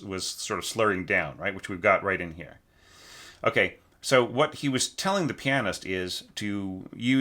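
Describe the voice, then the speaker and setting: A man with a bright, fairly low voice goes through a student's orchestral score as a teacher. He thinks aloud, keeps checking in with "right?", and sings passages in quick nonsense syllables. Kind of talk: spoken score critique.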